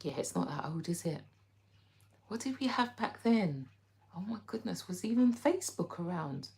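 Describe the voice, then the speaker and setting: Her voice is fairly low, gravelly, and darkish, delivered at a normal speed with plenty of animation. She's a young British livestream host who casually chats, giggles, and answers viewers by name from the chat.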